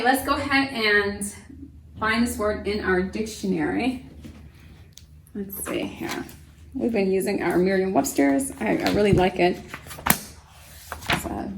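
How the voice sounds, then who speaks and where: A woman's voice: medium pitch, vocal fry, echoey room. A woman teaching a homeschool vocabulary lesson, who sounds out syllables patiently and gives encouraging examples.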